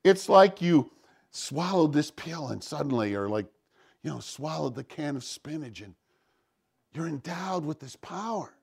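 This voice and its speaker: A man preaching a sermon, swinging from hushed, intimate passages to loud, impassioned ones. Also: a little high, expressive, a little slow, vocal fry, slightly rough. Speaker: pastor.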